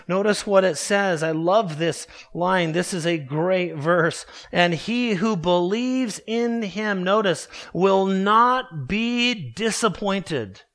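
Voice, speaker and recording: A man preaching a sermon in an emphatic, measured way, leaning on key words. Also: sits high, fairly bright tone. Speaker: pastor.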